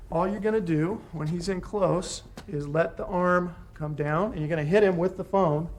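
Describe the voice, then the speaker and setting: A man's voice: high-pitched, unhurried, a little hiss or hum. A man teaching self-defense techniques to a class, giving short commands and encouragement as students practice. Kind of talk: hands-on class instruction.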